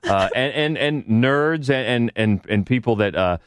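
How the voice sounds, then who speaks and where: A man co-hosting a casual podcast, talking in a halting way with many restarts. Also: mid-range voice, lively intonation, smooth. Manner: halting, restarts a lot, breaks into loud movie quotes. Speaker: podcast co-host.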